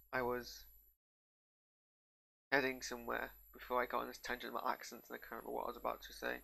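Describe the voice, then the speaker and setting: Speaking in a medium pitch with vocal fry and a sharp edge, this northern English man reviews a TV episode. His reaction is casual and meandering, often wandering off on tangents until he loses track of his point.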